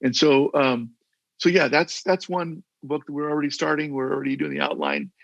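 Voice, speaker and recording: Speaking briskly in a slightly high, creaky voice with fairly even intonation, an older former mayor shares stories as a guest in a casual interview over a video call. He's earnest and rambling, restarting often, and the recording is dry and lo-fi.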